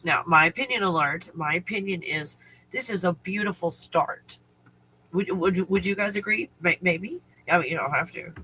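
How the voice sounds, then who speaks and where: A man's voice: high-pitched, normal speed, bright, forceful tone, husky, rough recording. A man hosting a casual spiritual live stream, rambling and restarting his thoughts, now and then breaking off to talk to his dog. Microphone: live stream microphone at home.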